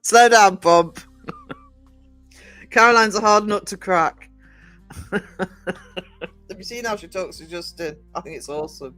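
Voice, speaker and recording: A man's voice: high voice, takes it slowly, pauses often, pushed and bright, faint music behind, rough recording. A middle-aged man from northern England, hosting a livestream and chatting casually with a rambling, laughing manner while reading the chat. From England, born in Nottingham, raised in Northumberland. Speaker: livestream host.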